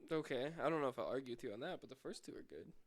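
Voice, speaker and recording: A man's voice: mid-range voice, lively intonation, very fast. A man co-hosting a casual podcast chat, teasing and skeptical in a laid-back way.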